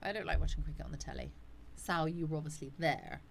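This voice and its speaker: A woman's voice: sits low, fast, gravelly, a little hiss or hum. A woman hosting a casual live chat, rambling and answering viewers' comments. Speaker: live stream host.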